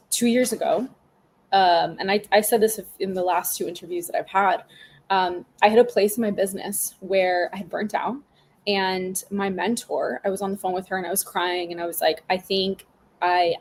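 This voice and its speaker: A woman's voice: medium pitch, steady tone, normal speed, darkish tone. A woman in her thirties, a business mentor and podcast guest, talking in a frank, chatty way with lots of fillers and asides. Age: 30s. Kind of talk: casual interview conversation.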